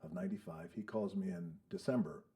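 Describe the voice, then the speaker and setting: On a studio podcast mic, a fifties-aged guest swaps stories in a relaxed, foul-mouthed way, imitating the people he quotes. He speaks fairly quickly in a low, mellow voice.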